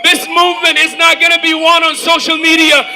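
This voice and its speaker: A man giving an impassioned, shouted rally speech outdoors, rousing the crowd with call-and-response. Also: very high voice, monotone, brisk, noisy background. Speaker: rally speaker.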